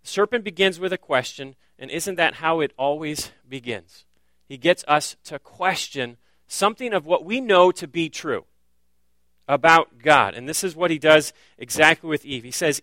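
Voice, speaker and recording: A man's voice: fairly high pitch, lively intonation, normal speed, sharp tone, no room sound. A man preaching a sermon as pastor, earnest and direct, often driving points home with rhetorical questions.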